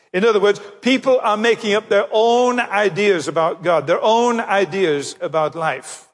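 A man preaching a sermon, slowing down and stressing key phrases as he builds his points. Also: high-pitched, fairly bright tone, in a large hall.

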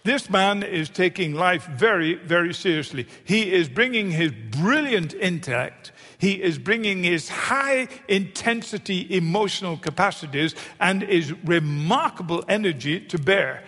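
A man's voice: high voice, expressive, measured pace, few pauses, sharp tone. A man preaching a sermon, emphatic and fond of repeating phrases for effect. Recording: long hall reverb.

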